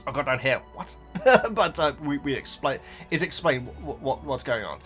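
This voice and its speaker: A man's voice: mid-range voice, lively intonation, normal speed, fairly bright tone, faint music behind. A man hosting a book reaction video, chatting casually to viewers in a rambling way with frequent stammered repeats and asides.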